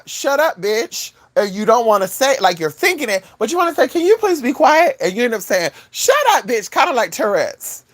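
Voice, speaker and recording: Woman vlogger, casual storytelling, lively swooping pitch, chatty asides, mid-range voice. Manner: animated, swoops high for quoted voices, chatty asides to viewers.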